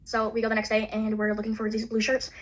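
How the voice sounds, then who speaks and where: Fast-talking, foul-mouthed young woman ranting. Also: on the high side, completely flat delivery. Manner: profane, fast, full of "like", acts out quotes. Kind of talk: casual storytelling rant. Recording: faint ambient noise.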